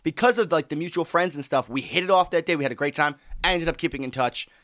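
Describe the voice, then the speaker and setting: A man's voice: fairly high pitch, fast talker, no echo, clean studio sound. A man in his twenties telling a funny story in casual chat, laughing often and imitating voices. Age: 20s. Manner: animated, laughs through stories, mimics voices.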